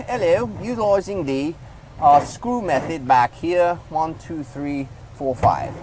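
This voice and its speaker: A man's voice: fairly high pitch, darkish tone, a little hiss or hum, poor audio. A man giving a casual hands-on product review, rambling loosely and talking to the viewer as he demonstrates.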